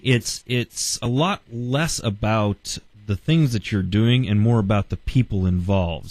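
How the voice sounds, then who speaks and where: A man's voice: fairly low pitch, a little mellow, dry recording. A man hosting a podcast interview, asking questions and laughing along. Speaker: podcast host.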